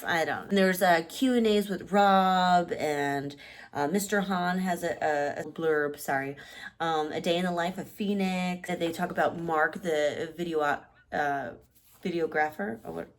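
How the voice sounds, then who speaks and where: A woman in her thirties casually showing keepsakes to the camera, rambling with restarts and sounding nostalgic and softly sentimental. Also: on the low side, measured pace. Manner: softly sentimental, near tears at times; sleepy late-night talk. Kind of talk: casual show-and-tell chat.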